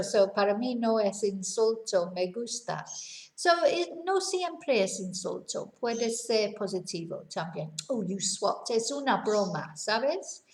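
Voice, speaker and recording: A woman's voice: medium pitch, a little mellow. A woman, patiently teaching a vocabulary lesson and explaining each word with examples. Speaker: English teacher. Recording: roomy echo.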